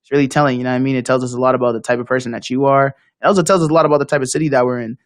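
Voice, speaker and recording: A man's voice: medium pitch, steady tone, very fast, dry recording, studio quality. A young man from Boston co-hosting a podcast, blunt and slangy, sounding frustrated about local politics. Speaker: podcast co-host. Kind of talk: casual chat on local politics.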